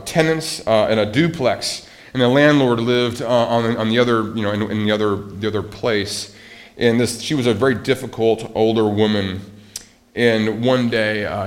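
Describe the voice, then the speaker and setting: Low-voiced earnest preaching man. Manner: earnest and emphatic, with many restarts. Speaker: pastor. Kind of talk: sermon.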